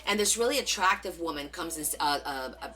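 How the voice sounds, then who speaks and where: Middle-aged woman, New Jersey accent, bright voice, lively pitch, casual storytelling on a craft stream. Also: fast. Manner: animated, acts out quoted voices, many fillers. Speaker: live stream crafting host.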